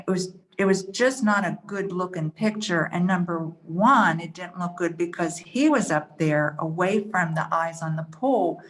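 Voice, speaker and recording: Shaken woman telling a personal story. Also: lowish voice. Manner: shaken, earnest, halting with fillers. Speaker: church member sharing a story. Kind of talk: personal story at a church forum.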